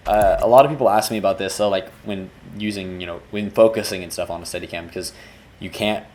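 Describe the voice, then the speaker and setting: A man's voice: low voice, steady tone, quick pace, darkish tone. A man, a music video director, talking loosely through a breakdown of his work and restarting his sentences as he goes. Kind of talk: casual video breakdown commentary.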